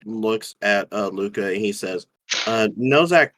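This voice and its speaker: A man playing a tabletop game, describing his character thoughtfully with many pauses and fillers. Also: fairly low pitch, level tone, a bit bright. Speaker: player.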